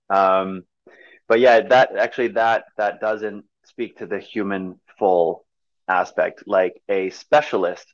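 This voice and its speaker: A man's voice: low voice, dry recording, dull audio. A man talking as a movement coach in an interview, explaining eagerly with many fillers and restarts. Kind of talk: conversational interview.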